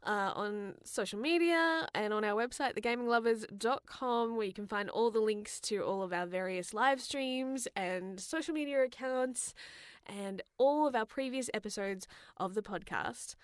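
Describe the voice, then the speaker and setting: A woman's voice: on the high side, moderate pace, clean tone, dry recording. Giggly woman podcast co-host, dry sound. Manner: giggly, playful, hums tunes. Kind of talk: casual chat.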